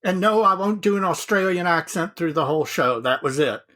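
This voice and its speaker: A man's voice: high-pitched, lively intonation, a little fast, pushed and bright. A man co-hosting a casual hobby podcast, chatting in an easygoing, self-deprecating way. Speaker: podcast co-host.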